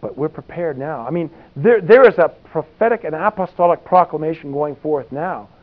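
A man's voice: on the high side, expressive, moderate pace. A man preaching a conversational sermon, folksy and rambling, with many asides. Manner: folksy, rambling asides with frequent "you know". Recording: tinny phone-like sound.

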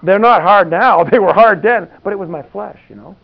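Man, preacher, conversational sermon, folksy asides, higher voice, tinny lo-fi line. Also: moderate pace, vocal fry. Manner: folksy, rambling asides with frequent "you know". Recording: tinny phone-like sound.

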